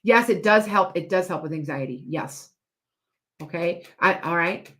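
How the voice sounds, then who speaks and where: A woman's voice: lowish voice, moderate pace, a bit bright. A woman hosting a live stream as a psychic and hypnotist, chatting to viewers in a rambling way with lots of restarts and asides.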